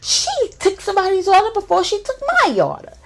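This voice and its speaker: A woman putting on a shrill, whiny, quarrelsome young woman friend in a storytime vlog. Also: very animated, fairly quick, gravelly, full character voice. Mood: furious. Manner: whiny, indignant, screeching.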